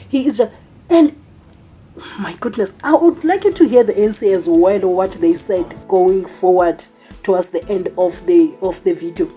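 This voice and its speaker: A woman's voice: medium pitch, mellow. Emphatic South African woman vlogger. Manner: emphatic, repeats "I'm telling you". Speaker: channel host. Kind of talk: commentary vlog.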